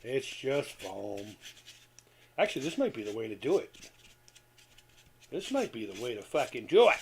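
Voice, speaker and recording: A man's voice: mid-range voice, very animated, brisk, a little hiss or hum. A man hosting a casual live stream from home, rambling and swearing as he reads chat aloud and works on a craft project. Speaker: retro gaming channel host.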